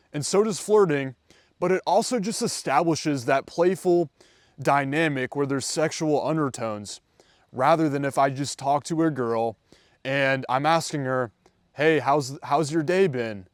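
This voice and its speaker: Young man coaching, slightly high voice. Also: darkish tone, no room sound, clean studio sound. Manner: conversational, acts out example dialogues. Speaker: dating coach. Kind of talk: casual advice vlog.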